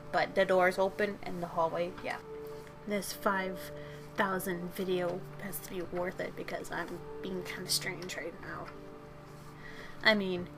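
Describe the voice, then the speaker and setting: A young woman at home, tired after work, rambling in a jokey, self-deprecating way as she chats while drawing. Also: fairly low pitch. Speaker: channel host. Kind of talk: casual chat while drawing. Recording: music playing behind.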